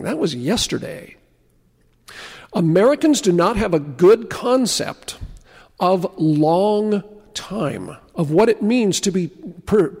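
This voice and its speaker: A man preaching a sermon, telling stories and slowing to a hush on key words. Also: high-pitched, in a large hall. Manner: storytelling preacher, slows and drops to a hush for emphasis. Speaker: pastor.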